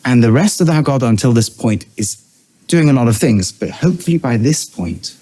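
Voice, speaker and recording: A middle-aged rabbi giving a lively lesson in a mid-pitched male voice. He leaps up for emphasis and then drops to low, quiet asides. He works Hebrew phrases in and translates them as he goes. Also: fairly quick. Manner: animated, swinging between high emphatic bursts and low quiet asides. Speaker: rabbi and educator. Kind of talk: teaching lecture.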